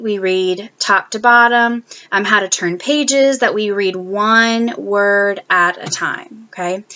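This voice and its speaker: A woman teacher explaining a lesson in a clear, deliberate way, sounding out speech sounds and checking in with "okay?". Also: mid-range voice, a bit bright, lo-fi sound. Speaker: teacher presenting a course lesson.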